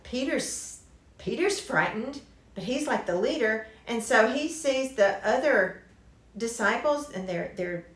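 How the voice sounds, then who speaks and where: A woman's voice: a little high, expressive, measured pace. A woman teaching a Bible lesson in a conversational way, restarting phrases and adding asides. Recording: roomy church classroom.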